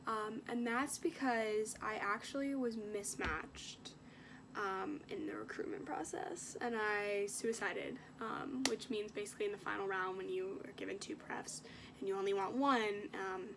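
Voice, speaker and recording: A young adult woman talks at normal speed in a medium-pitched voice, with background noise behind her casual vlog. She's ill and coughs now and then, sharing an emotional story full of fillers.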